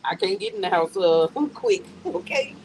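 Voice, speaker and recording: A woman's voice: fairly low pitch, very animated, normal speed, gravelly, a little mellow, poor audio. A middle-aged woman hosting a casual outdoor live stream on her phone, chatting to viewers and laughing often. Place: outdoors in a yard. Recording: faint outdoor noise with crickets.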